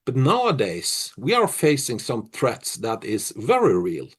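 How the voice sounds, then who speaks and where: A middle-aged man from Norway, a musician answering interview questions in a reflective, halting way full of restarts. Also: mid-range voice, wildly swooping pitch, breathy edge.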